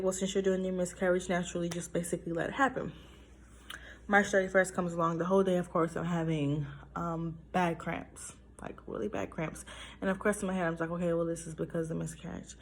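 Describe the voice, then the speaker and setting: A young adult woman with a lowish voice shares a personal story in a casual vlog, with a little hiss or hum in the recording. She's emotional and talks through it with lots of fillers.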